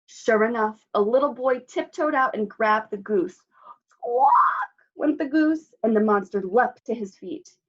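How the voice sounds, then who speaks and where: A woman librarian reading a picture book aloud at children's story time, expressive, with asides to the children. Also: a little high, moderate pace, few pauses, lo-fi sound.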